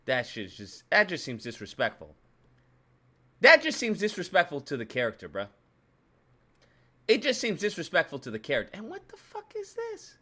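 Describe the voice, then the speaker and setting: A man giving ranting video commentary, profane and animated, repeating his points for emphasis. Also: sits high. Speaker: YouTube commentator.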